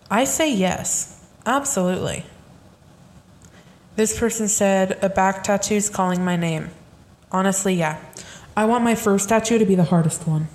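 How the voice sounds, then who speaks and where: A young woman talks through tweets on her solo podcast, casual and rambling. Her voice sits at a middle pitch, and she drifts from one aside to the next in easy, chatty talk. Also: darkish tone. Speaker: podcast host.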